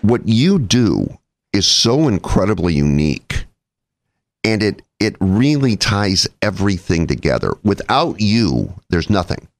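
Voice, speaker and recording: A man's voice: lowish voice, sing-song, measured pace, dry recording. An older man, a veteran broadcaster, chatting wryly and self-deprecatingly. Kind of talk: casual podcast chat.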